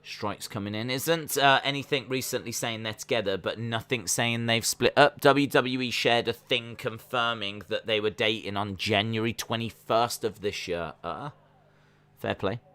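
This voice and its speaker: A man hosting a casual live watch-along stream, calling the action and answering chat questions, sometimes jumping into high-pitched disbelief. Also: moderate pace, clear, resonant tone. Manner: breaks into high-pitched disbelief when excited. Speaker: live stream reaction host.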